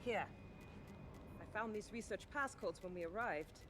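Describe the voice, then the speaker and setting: A woman voicing a brisk, capable female ally, talking firmly. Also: medium pitch, fairly bright tone, a little hiss or hum, close to an everyday voice.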